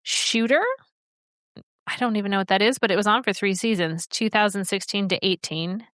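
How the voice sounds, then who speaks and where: A woman co-hosts a laid-back podcast, chatting and rambling through quick asides. Her voice sits at an ordinary middle pitch and is recorded close and dry, with no room sound around it. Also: a bit bright, no echo. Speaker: podcast co-host. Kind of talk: casual chat.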